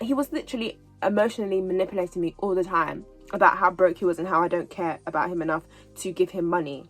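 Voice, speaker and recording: Woman in her twenties, vlogger, casual storytelling, animated retelling, average pitch. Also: quick pace, breathy edge, faint music behind, low-quality recording. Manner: chatty, animated retelling with repeats. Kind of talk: storytime vlog.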